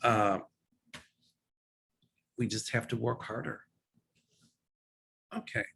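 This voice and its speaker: A man's voice: lowish voice, little pitch movement, takes it slowly, creaky, a bit bright, slight background noise. A man answering viewer questions as a psychic host in a casual, opinionated way, with frequent ums and restarts. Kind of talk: casual livestream Q&A.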